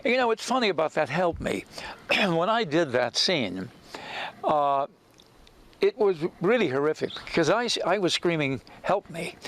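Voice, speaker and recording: An older man reminiscing in an interview about acting in a film, telling stories animatedly and acting out quoted lines. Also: fairly high pitch. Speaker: actor recalling a film role.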